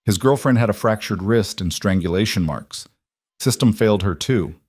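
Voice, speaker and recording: A man narrating an audiobook voices a weary female detective who questions in a measured, level way. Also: on the low side, darkish tone, breathy edge, dry recording. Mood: pressing.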